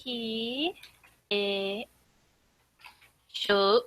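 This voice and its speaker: A woman tutoring a language in a relaxed, chatty way, her tone bright and a little high. She takes her time and laughs easily as she explains. The sound is close and dry. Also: very slow, no room sound, rough recording. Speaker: Japanese language teacher. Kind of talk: casual tutoring.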